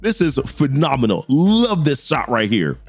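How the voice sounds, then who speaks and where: A man's voice: mid-range voice, wildly swooping pitch, measured pace, dry recording, soft background music. Hyped young man recapping a comic. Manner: hyped, slangy, laughs along. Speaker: comic book reviewer.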